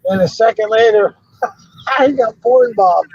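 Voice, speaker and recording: A man's voice: high-pitched, a little slow, a little mellow, dull audio. A middle-aged man hosting a livestream from his car on his phone, swearing and telling stories casually. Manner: gruff, swearing, storytelling. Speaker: livestream host. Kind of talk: casual chat while driving.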